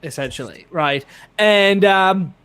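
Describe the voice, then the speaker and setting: A male writer and guest explaining politics in a measured way, with hesitations. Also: high voice, animated, fairly bright tone, smooth. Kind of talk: casual political discussion.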